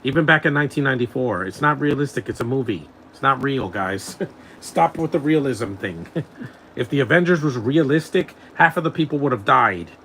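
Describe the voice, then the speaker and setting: A man talking casually over a film as he watches it, teasing what he sees and breaking into chuckles. His voice sits at an ordinary middle pitch, with a faint hiss behind it. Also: animated, moderate pace, a bit bright, low-quality recording. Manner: mocking, chuckles often. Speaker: film commentator. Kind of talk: casual live movie commentary.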